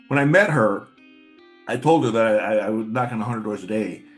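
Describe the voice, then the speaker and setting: A man's voice: on the low side, expressive, brisk, soft background music. A middle-aged man in a casual personal monologue, blunt and profane, rambling with repeated words. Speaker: channel host.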